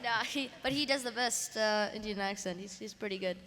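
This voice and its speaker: A woman's voice: medium pitch, a little fast, noisy background. A teenage voice actress speaking on a convention panel, rambling and restarting her sentences. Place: convention hall. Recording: echoey convention hall.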